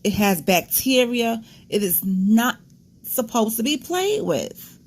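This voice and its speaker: A woman's voice: fairly high pitch, sing-song, slow pace. A woman hosting a casual commentary vlog, talking straight to her viewers with blunt, disgusted asides. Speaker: commentary channel host.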